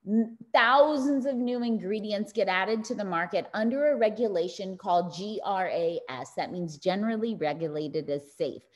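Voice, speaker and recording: A woman's voice: mid-range voice, normal speed. A woman giving a motivational wellness talk, telling stories with animation and speaking directly to her audience.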